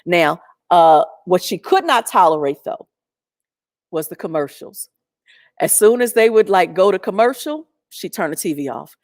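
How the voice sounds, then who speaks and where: A middle-aged woman telling a personal story in an animated, chatty way with lots of fillers. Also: lowish voice, moderate pace, no room sound, studio quality.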